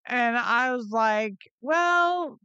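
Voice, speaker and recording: A woman's voice: a little high, animated, extremely slow, bright, forceful tone, clear, resonant tone, no echo, lo-fi sound. A middle-aged woman co-hosting a podcast in casual chat, blunt and swearing freely as she tells family stories. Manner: blunt, swears freely, acts out her son's voice in storytelling. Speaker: podcast co-host.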